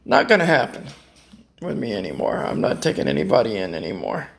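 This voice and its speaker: A man's voice: fairly low pitch, huge pitch swings, brisk, creaky. A man chatting casually in a home vlog, rambling, heartfelt and joking. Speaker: vlogger. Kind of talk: casual chat.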